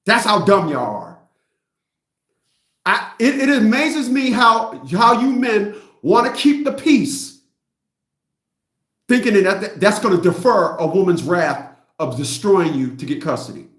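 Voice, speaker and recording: A middle-aged man with a high voice rants bluntly to his viewers, mocking them and circling back over the same points. The sound is roomy and echoey. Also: sing-song, unhurried, pauses often, a bit bright. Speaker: host. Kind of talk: livestream rant.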